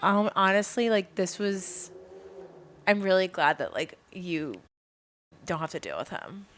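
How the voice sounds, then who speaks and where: A woman's voice: on the low side, expressive, unhurried, fairly bright tone, a little hiss or hum. A young woman co-hosting a podcast, reacting to a friend's story with shocked interjections in casual chat. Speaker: podcast co-host.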